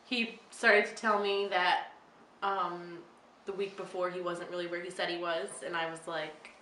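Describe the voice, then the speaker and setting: A woman telling a personal story in a relaxed, chatty way, laughing along. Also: lowish voice, brisk. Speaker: interviewee. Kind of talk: casual storytelling. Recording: roomy, faint background noise.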